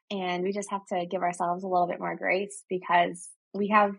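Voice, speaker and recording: A woman's voice: on the low side, little pitch movement, moderate pace, creaky, husky. A woman hosting a podcast interview, speaking in an encouraging, conversational way. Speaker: podcast host.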